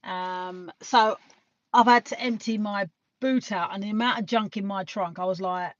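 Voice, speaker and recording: A woman's voice: mid-range voice, normal speed, no room sound. British woman, live streamer; loose, chatty delivery with casual swearing, dry and dull lo-fi audio. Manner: rambling, chatty, laughs often, swears casually. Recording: dull lo-fi sound.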